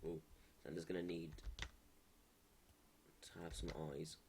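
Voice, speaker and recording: A man's voice: low voice, completely flat delivery, a little slow, background noise. A man streaming live as a game developer, thinking aloud in a hesitant, muttering way and correcting himself as he draws pixel art at his computer.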